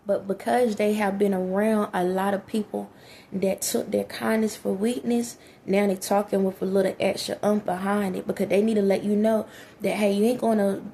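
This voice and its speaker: A woman's voice: medium pitch, vocal fry, mellow, slight background noise. A woman, giving blunt, preachy relationship advice straight to her listeners in a casual monologue.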